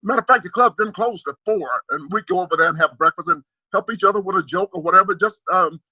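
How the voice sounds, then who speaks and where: An older man with a high, bright voice rants about the news, swearing freely and punching his points. The sound is close and dry, with no room around it. He talks on a video call, phone in hand. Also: fast, husky, no echo. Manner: animated, profane ranting. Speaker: comedian guest. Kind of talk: casual video call chat. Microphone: handheld phone on video call.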